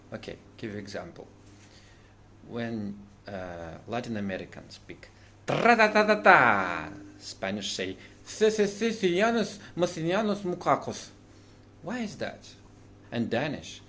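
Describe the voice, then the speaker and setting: A man lectures slowly and unhurriedly, as if giving a serious history lesson that is really a joke. His pitch swings widely as he mimics the sounds of other languages like a self-appointed expert, with a faint hum of ambience behind him. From Russia. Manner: deadpan pseudo-expert, mimicking speech sounds. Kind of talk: mock history lesson monologue.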